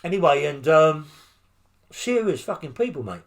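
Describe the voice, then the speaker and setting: A man's voice: fairly high pitch, big pitch swings, normal speed, gravelly. An older man with a London accent telling prison stories in an interview, blunt and rambling, full of swearing and tag questions. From England. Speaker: interviewee, former criminal. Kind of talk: storytelling interview.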